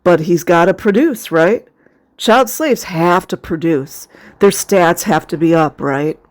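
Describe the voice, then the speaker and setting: Vlogger talking over clips, sarcastic and fired up, mid-pitch voice, kinda choked up. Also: slow. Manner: sarcastic and indignant; emotional, close to tears. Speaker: video commentator. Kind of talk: casual commentary over footage.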